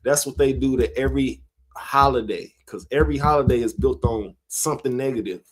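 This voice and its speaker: A middle-aged live streamer rambles casually, often chuckling and calling out chat viewers by name. His medium-pitched voice is slightly rough, and he talks briskly.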